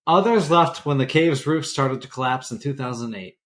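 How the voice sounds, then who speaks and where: A man co-hosting a podcast with an average-pitched, ordinary voice. He tells stories loosely and rambles, dropping deadpan asides along the way. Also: normal speed. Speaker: podcast co-host. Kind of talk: casual podcast banter.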